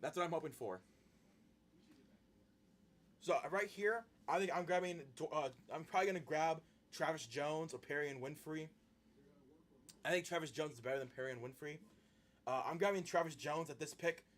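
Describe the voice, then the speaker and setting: A man hosting a live stream, reacting to a sports draft and talking straight to his viewers in an excitable way. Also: a little high, normal speed, pauses often.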